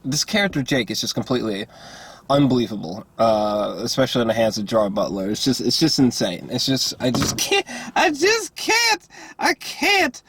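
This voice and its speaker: A man's voice: fairly low pitch, brisk, husky. A man giving a casual, rambling movie review, exasperated and profane, full of fillers and restarts.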